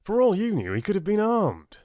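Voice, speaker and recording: A man voicing an alarmed male security officer who yells breathlessly in an audiobook. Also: high voice, wildly swooping pitch, brisk, no room sound, studio quality, pitched above the performer's own voice. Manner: yelling, breathless. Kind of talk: audiobook character voice.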